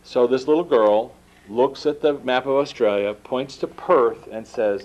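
Male author, lively storyteller with a mid-range voice, in a dull lo-fi lecture recording. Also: medium pitch, a little slow. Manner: animated, acts out dialogue in the stories. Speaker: author giving a book talk. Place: lecture room at an institute.

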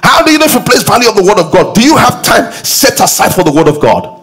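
A middle-aged man preaches from a church pulpit in a slightly husky, fairly high voice. His pitch swings widely as he repeats key lines and presses the congregation with questions. Emphatic, rising preaching. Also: big pitch swings, quick pace, fairly bright tone, rough recording. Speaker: pastor. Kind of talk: sermon. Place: church auditorium.

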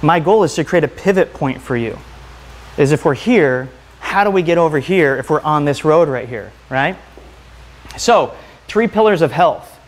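A man's voice: a little high, normal speed. A man giving a motivational health talk to a live audience, firing question after question at the room. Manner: energetic, asks the audience many questions. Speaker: health speaker.

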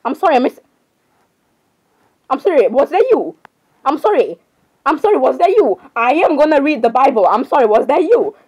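Teen girl gamer, high and excitable, rambling dramatic commentary. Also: normal speed, long pauses, lo-fi sound. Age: teens. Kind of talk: casual gameplay chatter.

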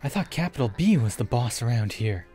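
A man's voice: mid-range voice, big pitch swings, brisk, warm tone, soft background music. A man giving casual gameplay commentary, swearing often and joking through his frustration. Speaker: let's play gamer.

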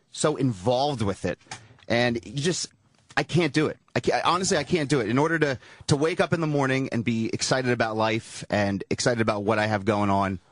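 A man speaking as a guest on talk radio, sarcastic and halting, often repeating himself. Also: mid-range voice, dry recording, clean studio sound. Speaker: show staffer and guest. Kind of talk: casual talk radio banter. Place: radio studio.

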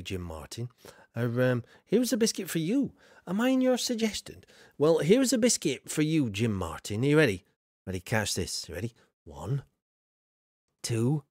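A man's voice: medium pitch, huge pitch swings, normal speed, a little mellow, no echo, studio quality. A man streaming a building game, chatting casually with viewers and rambling with lots of fillers. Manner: many fillers and trailing asides. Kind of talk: casual livestream chat while building in a game.

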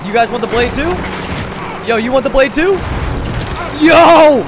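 Loud high-pitched rowdy streamer man. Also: fairly quick, background noise. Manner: loud, excitable, cursing. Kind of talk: rowdy livestream chat.

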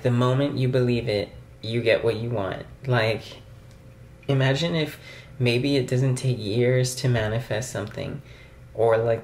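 A young man vlogs casually to his camera at home, rambling with plenty of fillers. His voice sits at a medium pitch, and there's a faint hiss or hum. The camera mic gives it a roomy sound.

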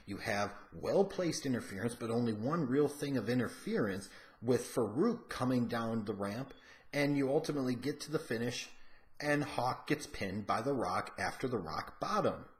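A man's voice: medium pitch, expressive, normal speed. A man giving frank, casual commentary as a wrestling show reviewer, opinionated and cursing now and then.

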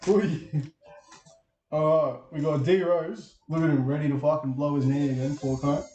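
Mellow guy in an echoey room. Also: on the high side, fairly even intonation, normal speed, dull audio. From Australia. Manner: rattles off player names, dry quips. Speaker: card-breaking stream co-host. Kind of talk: calling out cards in casual banter. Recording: echoey room, faint music.

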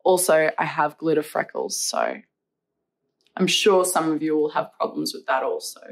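A woman's voice: low voice, sing-song, normal speed. A young woman vlogger ranting back at comments in a sarcastic, profane, mocking way. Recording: echoey room, mic at a distance.

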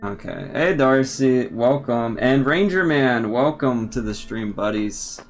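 A man's voice: medium pitch, lively intonation, unhurried, slight background noise. A man streaming a horror game live, commenting in a drawling way, laughing and swearing when startled. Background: loud game music.

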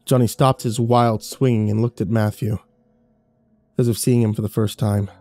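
A man's voice: lowish voice, fairly even intonation, normal speed, warm tone, dry recording, soft background music. Man narrating horror, intense and dry. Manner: intense, rising during action scenes.

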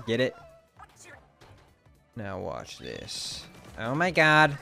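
Young guy streaming a game, jumpy and loud, swears a lot, reads the game text kinda flat. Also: medium pitch, moderate pace, gravelly, soft background music. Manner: excitable, swears, shouts in surprise.

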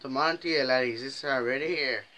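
A man voicing an excited male potato seller who calls out eagerly. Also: mid-range voice, extremely slow, slight background noise, heavily acted.

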